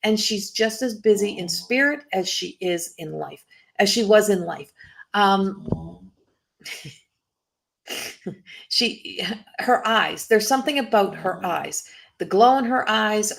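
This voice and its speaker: A woman gives a live psychic reading as a medium, rambling, frequently laughing, and breaking off sentences to start them over. Her voice is mid-range, creaky, and a little bright.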